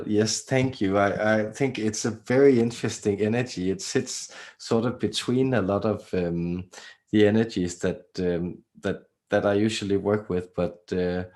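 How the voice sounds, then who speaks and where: A man hosts a live question-and-answer stream in a low voice. He talks haltingly and casually, filling gaps with "um" and "uh" and restarting his phrases. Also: darkish tone. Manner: halting, many fillers and repeated words. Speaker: channeler and live-stream host.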